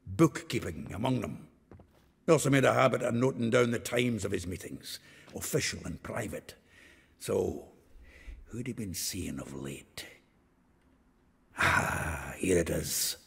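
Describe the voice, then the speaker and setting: An actor playing a gruff, boisterous male dwarf companion in a video game, speaking with a coarse, earthy way of talking. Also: deep voice, expressive, unhurried, pauses often, exaggerated voice. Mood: musing. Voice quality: gravelly, earthy, coarse-spoken.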